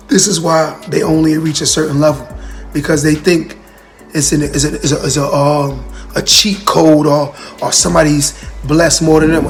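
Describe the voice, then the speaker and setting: A man speaks on a motivational livestream in a gravelly, slightly high voice. He talks earnestly and repeats himself as he addresses his viewers and their comments directly. Soft music plays faintly behind him. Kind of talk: casual motivational talk.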